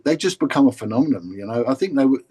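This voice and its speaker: A man's voice: medium pitch, expressive, rapid-fire, warm tone, breathy edge, rough recording. A man with a London accent, a former police officer telling stories in a casual, blunt interview way. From England. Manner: chatty, repeats words and restarts, blunt.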